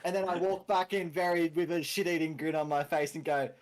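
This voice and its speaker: Giggly, swearing Australian player. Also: male voice, a little high, fairly even intonation. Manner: giggly, swearing, quick asides. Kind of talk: casual tabletop role-play.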